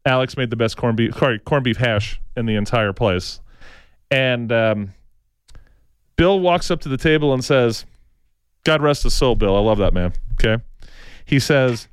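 Smooth-voiced man telling rambling stories. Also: mid-range voice, unhurried, pauses often, no echo. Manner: tags sentences with "right?", frequent restarts; slips into impressions of people he quotes. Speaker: talk show co-host. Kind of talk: rambling opinionated storytelling.

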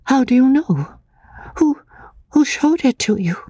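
A woman voicing a timid, fragile young woman haunted by grief, speaking in a breathless, hushed voice that slips into whispers. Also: high-pitched, expressive, measured pace, slightly rough, no room sound, exaggerated voice. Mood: frightened. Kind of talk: audiobook drama acting.

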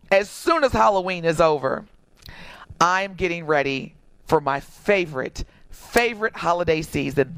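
A woman co-hosting a radio show in casual, playful chat and animated storytelling. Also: low voice, dry recording.

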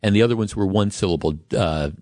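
A man's voice: lowish voice, fast talker, darkish tone, no room sound, studio quality. A middle-aged man from Wisconsin hosting a radio talk show, rambling chattily with many restarts. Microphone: studio microphone.

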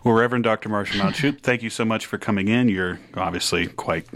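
A radio host from Pittsburgh interviewing a guest in the studio. His voice sits low for a man, and he strings his questions together in a loose, rambling way. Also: fast talker, a bit bright, a little hiss or hum.

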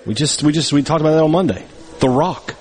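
A man's voice: fairly high pitch, a little mellow. A man co-hosting a sports talk show, bantering and joking casually. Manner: jokey, quick to banter. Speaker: co-host.

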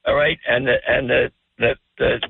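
An older man calling in to a radio show, chatting casually, rambling and stammering with a gravelly voice. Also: mid-range voice, little pitch movement, normal speed, slight background noise. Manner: rambling, stammers and repeats words. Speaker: phone-in guest. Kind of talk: casual talk radio chat. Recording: dry tinny phone line.

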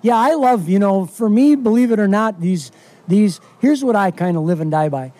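A middle-aged man from Wisconsin talks as a fishing guide in a casual radio interview. His voice sits high but sounds mellow and warm. He is folksy and eager, with plenty of fillers. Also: expressive, moderate pace, no echo. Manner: enthusiastic, folksy, lots of fillers.

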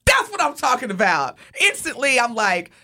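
Middle-aged woman co-host, lively animated delivery, dry close sound, casual storytelling. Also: a little high, normal speed, no room sound. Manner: animated, expressive storyteller addressing listeners directly. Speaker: podcast co-host.

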